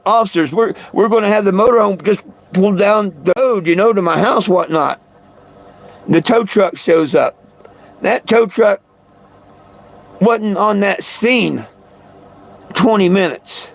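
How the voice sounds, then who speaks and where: A man's voice: sits high, gravelly. A man hosting a live stream, telling a long story in a rambling way and repeating his words. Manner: rambling, repeats words, chuckles between lines. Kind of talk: casual storytelling to viewers.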